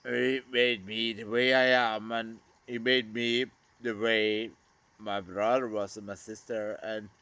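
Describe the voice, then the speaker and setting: A man in a halting, emotional monologue to camera, often trailing off mid-sentence. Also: on the low side, level tone, bright, forceful tone, clear, resonant tone. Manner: halting, trailing off, addressing a lost brother. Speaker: vlogger.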